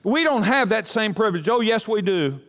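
An older man preaching a sermon in a church, telling stories earnestly, rising and then dropping to a hush. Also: sits high, expressive, moderate pace, big-room sound. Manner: earnest storytelling, swells up then drops to a hush. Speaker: pastor. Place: church sanctuary.

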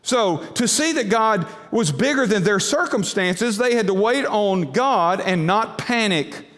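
A man preaching a sermon, emphatic, with rhetorical questions and sudden drops to a hushed low voice. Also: expressive, unhurried, big-room sound. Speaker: pastor.

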